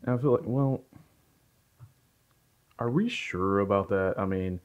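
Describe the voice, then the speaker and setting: A man hosting a podcast, jokey and quick to laugh. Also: on the low side, clean tone. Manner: jokey, laughing often, animated. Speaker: podcast host. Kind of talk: casual podcast chat. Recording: dull lo-fi podcast audio.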